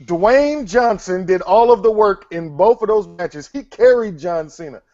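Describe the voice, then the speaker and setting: A man's voice: sits high, expressive, unhurried, darkish tone, dry recording. A man hosting his own interview show, blunt, teasing and profane with his guest. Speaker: show host. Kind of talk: casual interview chat. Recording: dry, muffled lo-fi audio.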